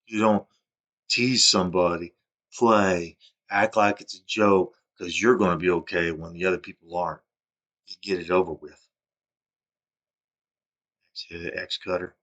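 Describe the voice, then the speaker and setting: A middle-aged man from the United States talking agitatedly in a rambling personal monologue, repeating himself and restarting sentences, his voice swinging from a low mutter to loud. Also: fairly even intonation, moderate pace. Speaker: vlogger.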